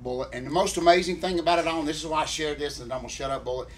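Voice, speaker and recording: A man telling a long, emotional story on a podcast, warmly and earnestly addressing his co-host. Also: on the high side, very fast, a little hiss or hum. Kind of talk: rambling casual storytelling.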